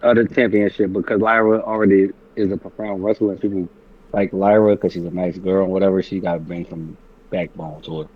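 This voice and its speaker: Husky low-voiced man, muffled lo-fi sound. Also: a little fast. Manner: excitable, argumentative, swears casually. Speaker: podcast co-host. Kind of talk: casual wrestling podcast chat.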